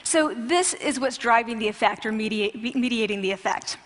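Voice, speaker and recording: A woman researcher giving a talk to an audience, animated and conversational, with restarts and asides. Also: a little high, moderate pace. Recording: long hall reverb.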